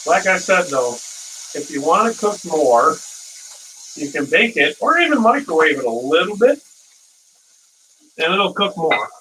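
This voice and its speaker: A man's voice: on the high side, sing-song, measured pace, pauses often, sharp tone, a little hiss or hum. A man hosting a casual live cooking stream, rambling through stories and chuckling at his own dad jokes, from a distant mic.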